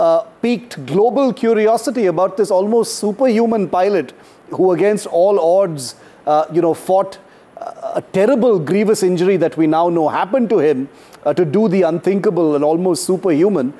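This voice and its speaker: A man hosting a talk-show interview, speaking in a measured way with frequent fillers. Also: high voice, mellow. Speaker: host.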